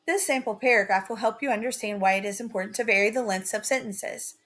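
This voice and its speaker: A woman teaching a writing lesson in a slow, carefully read-out, scripted delivery. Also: medium pitch, fairly bright tone.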